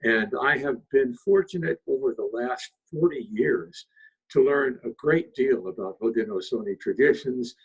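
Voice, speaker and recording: An older man, a writer and storyteller in a longhouse, speaking in a reflective and unhurried way about the elders who taught him. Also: mid-range voice, very animated, gravelly, breathy edge, lo-fi sound.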